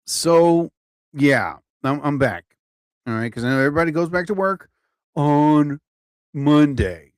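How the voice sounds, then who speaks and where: A man chats on his own livestream from home, rambling from one thought to the next and laughing at his own asides. His voice sits a little higher than most men's, and the sound is close and dry. He sounds a bit tired and yawns now and then. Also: lively intonation, measured pace, long pauses, smooth, no echo. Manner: chatty, self-interrupting, swears mildly, laughs at himself. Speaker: comedian livestreaming. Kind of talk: rambling casual livestream chat. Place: at home, TV on overhead. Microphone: phone or computer mic, livestream.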